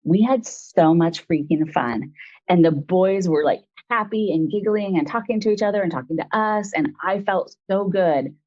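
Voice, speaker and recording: A woman's voice: lowish voice, moderate pace, a little mellow, dull audio. A woman in her forties, an interview guest, telling a personal story in a rambling, frank way full of fillers.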